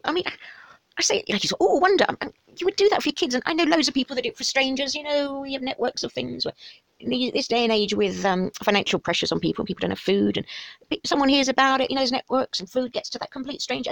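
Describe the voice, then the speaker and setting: A woman's voice: high voice, fast talker, gravelly, no room sound. A woman giving casual, sarcastic commentary on an article she reads along with, with wry asides. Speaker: host commenting on a study article.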